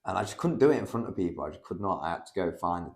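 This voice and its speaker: A man's voice: sits low, animated, rapid-fire, creaky. A young man, a guest fighter, telling a story in casual podcast talk, rambling with lots of fillers and swearing. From United Kingdom. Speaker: guest, amateur MMA fighter.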